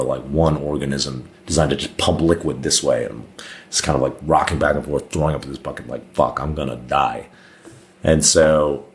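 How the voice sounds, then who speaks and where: A man as a podcast guest, telling a long personal story in a casual, rambling way with lots of "like" fillers. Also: rumbling low.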